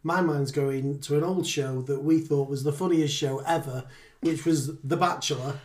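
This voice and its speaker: Wry relaxed man, echoey room. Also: a little high, normal speed. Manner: relaxed, wry, dry humor. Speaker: podcast co-host. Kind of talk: candid casual chat.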